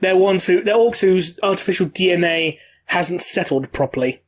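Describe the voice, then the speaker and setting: High-voiced man co-hosting a podcast. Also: moderate pace. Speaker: podcast co-host. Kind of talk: casual chat.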